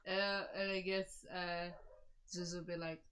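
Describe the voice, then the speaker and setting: A woman playing in a tabletop game, speaking hesitantly and haltingly. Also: on the low side, flat delivery, a bit bright. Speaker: player. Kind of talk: casual tabletop play.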